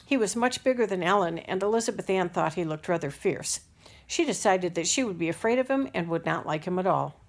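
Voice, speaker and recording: A woman narrating a children's novel aloud in a measured, unhurried storytelling manner. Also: lowish voice, animated. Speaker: audiobook reader.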